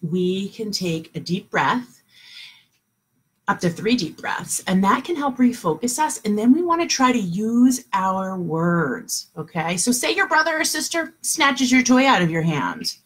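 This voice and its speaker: A middle-aged woman teaching kindergartners over a video call at home, with a lively, sing-song teacher voice. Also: fairly high pitch, measured pace, slightly rough. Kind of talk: online morning class for young children.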